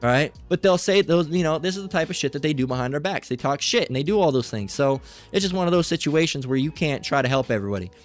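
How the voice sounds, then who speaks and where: A man's voice: on the high side, animated, quick pace, soft background music. A man preaching in a loose, informal sermon, blunt and profane, often repeating "all right" as he talks.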